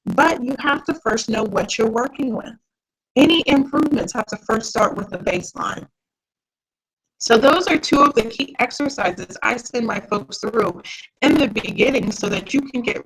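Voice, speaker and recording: A woman's voice: fairly high pitch, fairly bright tone, breathy edge, rough recording. A woman mindset coach leading a live online workshop, talking directly and encouragingly to her viewers. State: tired, yawning.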